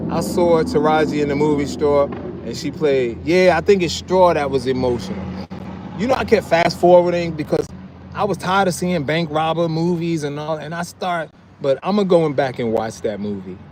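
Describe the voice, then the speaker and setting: A middle-aged man with a fairly high voice chats loosely on a live stream, reading out viewer comments. He laughs often and drops into low mumbles. Faint street sounds hum behind him. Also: darkish tone.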